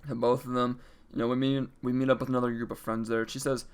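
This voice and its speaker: A man's voice: medium pitch, level tone, quick pace, smooth. A young man casually telling a storytime story, chatty and profane, acting out the others' lines in changed voices. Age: young adult. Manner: acts out quoted lines in varied voices.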